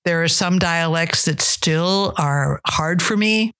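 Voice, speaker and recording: A middle-aged dialect coach and theater director chats in a casual interview, telling stories that trail off and restart. Her voice is fairly low yet fairly bright and clean, and she takes it slowly.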